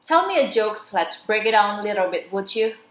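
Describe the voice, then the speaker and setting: A woman's voice: mid-range voice, animated, fairly quick, a bit bright. A young adult woman, a student, reading a radio interview script aloud with careful pacing and small slips. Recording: roomy echo.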